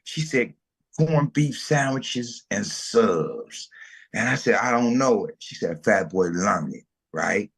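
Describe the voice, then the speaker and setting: A middle-aged food truck owner, a guest in a casual interview, tells how his food business came about in a slow, creaky mid-range voice with a breathy edge. He's an animated, slangy storyteller who acts out the voices of the people he quotes.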